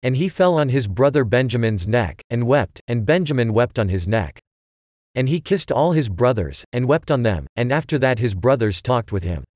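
A man giving a steady, measured scripted reading of a Bible chapter. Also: mid-range voice, dry recording, studio quality. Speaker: scripture reader.

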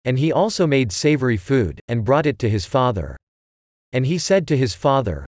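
A man's voice: mid-range voice, dry recording. Man reading scripture, dry and close. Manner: measured, even delivery. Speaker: scripture reader.

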